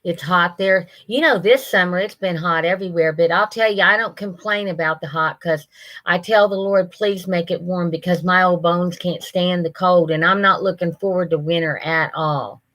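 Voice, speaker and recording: A woman's voice: on the low side, moderate pace, a bit bright, poor audio. A woman, hosting a livestream and chatting folksily with viewers by name. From Ohio, USA. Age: 60s. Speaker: livestream host. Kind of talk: casual chat reading viewer comments.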